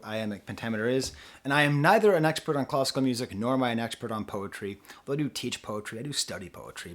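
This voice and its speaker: A man's voice: mid-range voice, a bit bright. A young man talking through an album review off the cuff, with rambling asides and self-interruptions. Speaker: music reviewer. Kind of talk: casual unscripted review.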